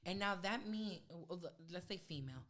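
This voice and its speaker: A woman's voice: lowish voice, animated, brisk, fairly bright tone. A woman talking in a casual podcast debate, rambling with many fillers and restarts.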